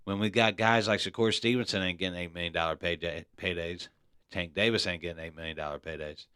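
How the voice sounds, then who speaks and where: A man's voice: deep voice, a bit bright, clear, resonant tone, no echo, studio quality. A man hosting a casual podcast, talking bluntly, cursing freely and tossing in "man" all the time. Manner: blunt, profane, keeps saying "man". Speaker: podcast host.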